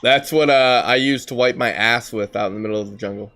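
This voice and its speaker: A man's voice: medium pitch, brisk, sharp tone. A man co-hosting a casual podcast, joking crudely. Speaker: podcast co-host. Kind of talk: casual chat.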